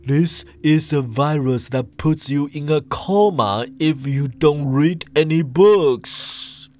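A man voicing an eccentric male professor who is very pleased with himself and explains slowly. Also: a little high, a little mellow. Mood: smug explaining.

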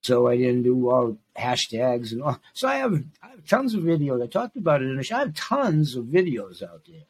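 A man in his sixties hosts his own podcast, delivering a casual, emphatic monologue that rambles and repeats phrases for stress. His voice is medium-pitched, sing-song and slightly rough, moving at a normal speed with hardly any pauses.

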